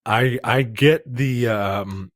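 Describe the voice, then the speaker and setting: A man's voice: mid-range voice, extremely slow, dry recording, clean studio sound. A man co-hosting a casual film review chat, blunt and profane, rambling with lots of fillers. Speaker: podcast co-host.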